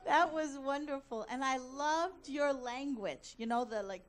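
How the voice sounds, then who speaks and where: High-voiced enthusiastic woman. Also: moderate pace, few pauses. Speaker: workshop participant.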